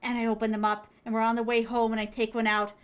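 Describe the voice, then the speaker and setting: Excitable woman telling a heartfelt story. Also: fairly high pitch, fast, clean tone. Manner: excitable, acts out quoted voices, laughs often. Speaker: interview guest, manga creator. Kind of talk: animated storytelling.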